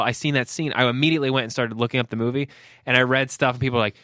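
Fast-talking man in casual chat. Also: medium pitch, steady tone, a bit bright, no echo, studio quality.

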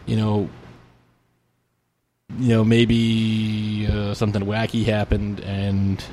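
A man's voice: lowish voice, completely flat delivery, slow pace, warm tone, faint music behind. A man co-hosting a podcast, telling a story in a rambling, casual way, with many restarts and fillers. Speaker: podcast co-host.

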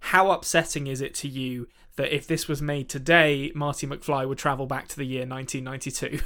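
A man's voice: mid-range voice, little pitch movement, fairly quick, fairly bright tone. A man in his thirties co-hosting a movie podcast, chatting animatedly and laughing as he talks. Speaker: podcast co-host. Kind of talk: casual chat.

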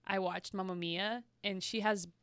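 Young woman, podcast co-host, chatty rambling storyteller, bright voice, dry sound. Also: mid-range voice, fairly even intonation, normal speed, clean tone, no echo. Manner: chatty storyteller, trails off mid-thought. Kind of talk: casual chat.

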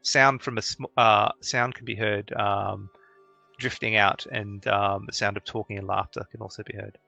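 A man narrating a tabletop role-playing game as game master, halting often with ums and uhs. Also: lowish voice, vocal fry, dull audio, faint music behind. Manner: relaxed, halting narration with many fillers.

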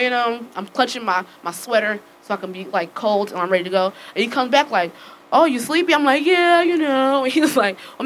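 A woman telling a story casually to friends, acting out the dialogue with lively swearing and frequent laughter. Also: mid-range voice, a little hiss or hum, rough recording. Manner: animated, acts out quoted dialogue with swearing; laughs often while telling.

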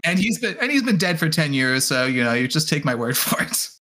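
Male podcast co-host, bright tone, relaxed storyteller with dry asides. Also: a little high, brisk. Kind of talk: casual chat.

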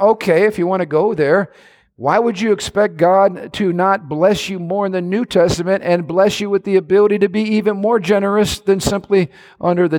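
A middle-aged male pastor preaching a sermon, swinging between shouted lines and hushed asides. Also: sits high.

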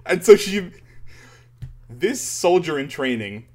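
A man chatting casually, retelling a story in an animated way with frequent laughter and swearing. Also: fairly high pitch, slow. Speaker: podcast co-host. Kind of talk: casual chat retelling a manga chapter.

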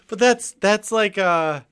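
A young man co-hosting a casual podcast chat, laid-back and halting, with plenty of swearing. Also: high-pitched, fairly bright tone, clear, resonant tone, no echo, clean studio sound. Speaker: podcast co-host.

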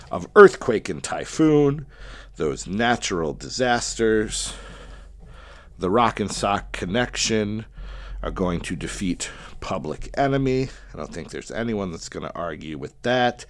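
A deep male voice, recorded without echo, belongs to a wrestling podcast host. He gives chatty solo commentary on his tournament picks, thinking aloud while he settles on winners.

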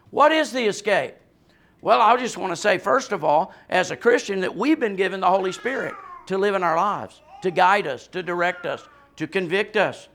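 A man's voice: high-pitched, a bit bright. A male pastor preaching a sermon with passion and emphasis, often adding a questioning "right?" and laughing lightly between points.

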